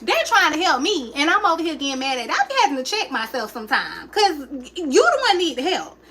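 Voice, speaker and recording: A young woman tells her own story on a livestream in an emotional, chatty way and keeps turning to her viewers. Her voice sits high and rings bright. Faint noise hums under her talk. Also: very animated, fast, poor audio. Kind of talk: casual personal storytelling.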